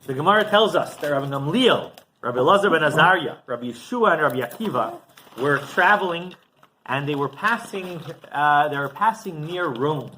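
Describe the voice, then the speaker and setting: A rabbi giving a storytelling sermon, animated and often asking rhetorical questions. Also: male voice, fairly high pitch, moderate pace, slight background noise.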